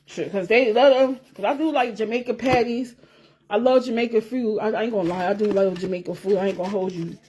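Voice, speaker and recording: Brisk and medium-pitched, with a darkish, slightly rough tone, a woman vlogger addresses her viewers in a casual chat to camera. She rambles and repeats, swearing freely and breaking into laughter.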